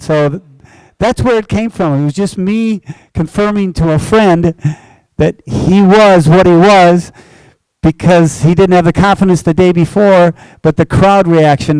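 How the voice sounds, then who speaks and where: A man's voice: high-pitched, clear, resonant tone, no echo, low-quality recording. An older man, a race announcer, telling stories to a club audience and acting out the dialogue as he goes. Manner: animated storyteller acting out both sides of dialogue. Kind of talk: storytelling talk. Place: indoor club event.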